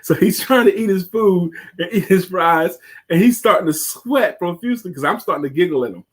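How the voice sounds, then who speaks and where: A middle-aged man co-hosting a casual live show, telling a story with halting fillers and restarts, chuckling along. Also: high-pitched, expressive. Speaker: co-host.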